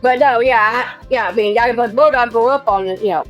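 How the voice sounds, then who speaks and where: A woman's voice: a little high, fairly quick, muffled recording, faint music behind. A young woman with a Southern Alabama mountain accent, chatting casually as podcast co-host and laughing often. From Alabama, USA. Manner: giggly, laughs often, playful. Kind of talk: casual chat.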